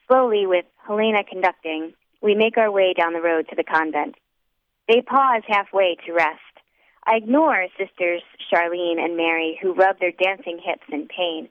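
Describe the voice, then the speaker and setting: A woman narrating a first-person audiobook in a wry, measured way. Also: fairly low pitch, dry recording. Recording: dry, tinny phone-like sound.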